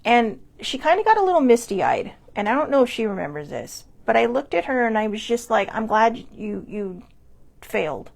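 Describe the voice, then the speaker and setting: A woman's voice: fairly high pitch, sing-song, brisk, gravelly, few pauses, a little mellow. A woman hosting a personal mental health talk, speaking in a candid, confessional way. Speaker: host.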